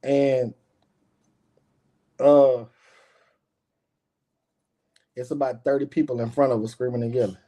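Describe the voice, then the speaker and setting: A man's voice: medium pitch, little pitch movement, normal speed, warm tone. A middle-aged man, a guest on a live stream, telling a personal story in a casual, emphatic and profane way, often turning to speak straight to his listeners.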